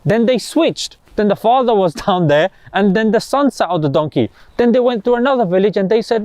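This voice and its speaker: A man gives a motivational talk to camera, animated and slangy, firing off rhetorical questions. His voice sits a little high and the sound is close and dry, with no room around it. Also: brisk, few pauses, no room sound. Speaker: host.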